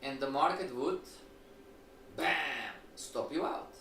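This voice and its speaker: A man teaching a live-streamed trading lecture, animated, asking rhetorical questions and acting out his students' replies. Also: mid-range voice, slow pace. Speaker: trading instructor. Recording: echoey room, distant mic, faint noise.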